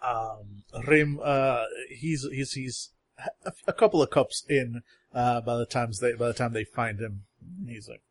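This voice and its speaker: A man's voice: mid-range voice, fairly even intonation, measured pace. A man playing a tabletop game, talking hesitantly with frequent restarts. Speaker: player. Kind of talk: casual tabletop play.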